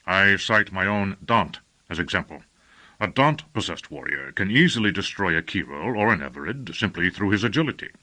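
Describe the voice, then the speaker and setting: A gruff, rumbling sorcerer, as a male narrator puts him on, smug and commanding in his speech. The voice sits low yet stays bright in an audiobook reading. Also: big pitch swings, normal speed, heavily acted. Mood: lecturing. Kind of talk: audiobook character voice.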